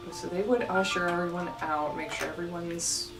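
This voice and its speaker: Woman dm, lowish voice, echoey room, mic far off, music under it. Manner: easygoing narration with fillers. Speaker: dungeon master. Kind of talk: running a tabletop game.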